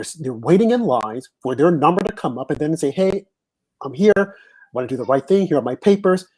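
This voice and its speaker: A man's voice: on the high side, a little mellow. Opinionated man talking politics. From United States. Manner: opinionated, emphatic. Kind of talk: casual discussion.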